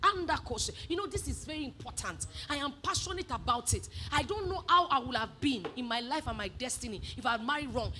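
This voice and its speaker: High, bright-voiced woman preaching. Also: fast, few pauses, a little hiss or hum. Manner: animated, swinging from soft asides to shouted emphasis. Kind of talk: sermon.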